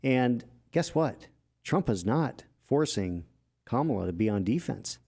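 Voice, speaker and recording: A man's voice: medium pitch, expressive, unhurried, vocal fry, a little mellow, breathy edge. A man co-hosting a casual political talk show who has made political ads, analytical with wry asides. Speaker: podcast co-host, political ad maker.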